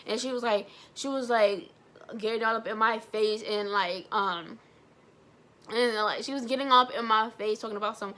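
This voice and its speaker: A young woman vlogger telling a personal story in a blunt, animated way, swearing freely. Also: on the high side, normal speed. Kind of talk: storytime vlog.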